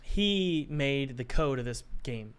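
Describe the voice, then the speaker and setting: A man's voice: medium pitch, expressive, slow, clear, resonant tone. A young man chatting casually on a live stream, joking and thinking aloud while he works on his game.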